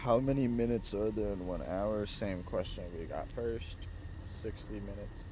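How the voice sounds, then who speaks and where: A man's voice: lowish voice, measured pace, a little mellow, slight background noise. A man giving casual, laid-back gameplay commentary with slangy asides as a gaming YouTuber.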